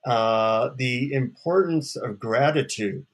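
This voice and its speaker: A man with a mid-range voice tells a story in a relaxed, wry way. He speaks as a psychotherapist and author in a casual interview. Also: mid-range voice, takes it slowly.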